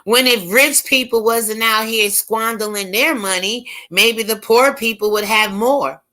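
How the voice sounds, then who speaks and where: A woman's voice: fairly high pitch, a little slow, sharp tone. A woman from the United States hosting a casual opinion commentary, talking emphatically and firing off rhetorical questions. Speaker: commentary channel host.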